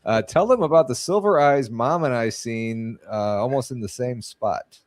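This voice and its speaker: A man's voice: mid-range voice, normal speed, no room sound. A man hosting an interview, asking short questions and encouraging his guests. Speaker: host.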